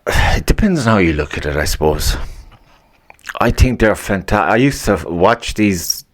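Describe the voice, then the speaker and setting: A man's voice: fairly low pitch, lively intonation, normal speed. A man hosting a casual solo podcast, swearing freely, rambling and grumbling with an annoyed edge. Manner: profane, rambling, laughs at own jokes. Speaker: podcast host.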